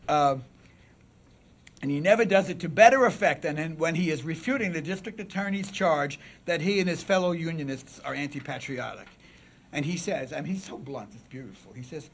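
A man delivering a dramatic public lecture in a rough, gravelly voice that rides a wide, animated pitch range. He punches key phrases loudly, then drops to an almost-whispered aside. He keeps turning to the audience with quick remarks. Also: a little hiss or hum. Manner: dramatic, swings from loud declaiming to near-whisper. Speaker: symposium speaker.

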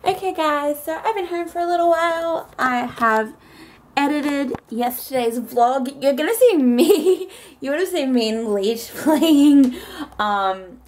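High, lively young woman vlogging. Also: a little slow, a little hiss or hum. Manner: chatty and rambling, with frequent "so yeah" and "um". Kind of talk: casual daily vlog.

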